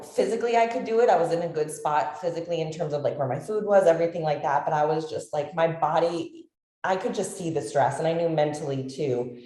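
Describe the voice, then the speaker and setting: A woman telling a personal story as an interview guest, halting with many fillers and restarts, choked up at times. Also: sits low, warm tone, echoey room.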